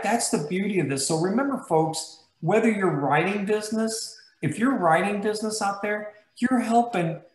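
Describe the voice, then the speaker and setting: Emphatic man telling stories, echoey room. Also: fairly high pitch. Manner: emphatic, storytelling, emotional. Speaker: guest host. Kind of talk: motivational talk to sales agents.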